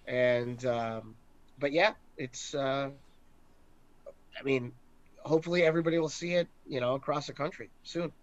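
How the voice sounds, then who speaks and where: A man appearing as a brewery co-founder guest in a casual interview, speaking hesitantly with many pauses and restarts. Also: mid-range voice, dry recording. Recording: dull, dry lo-fi sound.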